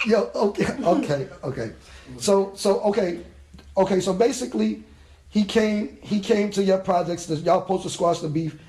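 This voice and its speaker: A man's voice: high voice, mellow, echoey room. A male interviewer recapping the story for his guest.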